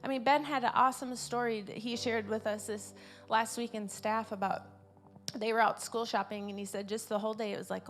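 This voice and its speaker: A woman preaching an informal sermon in a fairly high voice. She is earnest, circles back on her key words and pushes louder on her main points. Soft music plays faintly behind her. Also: fairly even intonation, fairly quick. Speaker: preacher at a church service. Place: church service.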